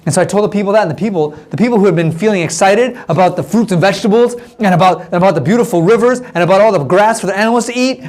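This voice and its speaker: A young man telling a Bible story to small children in the first person, animated and full of restarts as a nervous spy. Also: high-pitched, racing, few pauses. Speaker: storyteller for kindergarten class.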